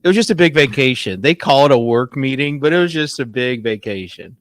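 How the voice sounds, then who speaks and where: A man's voice: medium pitch, lively intonation, brisk, dry recording. A man joins a casual chat as a guest and jokes in a dry, offhand way. His voice sits in the middle of the male range and sounds close and dry, with no room around it.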